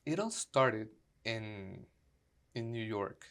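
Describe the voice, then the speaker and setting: A man's voice: on the low side, expressive, slow, a bit bright, clear, resonant tone. A man, an actor and acting coach, chatting as an interview guest, acting out quoted dialogue with lots of fillers. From Canada. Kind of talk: casual interview storytelling.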